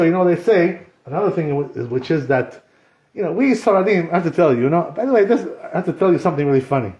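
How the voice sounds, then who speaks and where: A man teaching a Torah class as a rabbi, animated and joking, with many rhetorical questions. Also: a little high. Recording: echoey room, slightly dull.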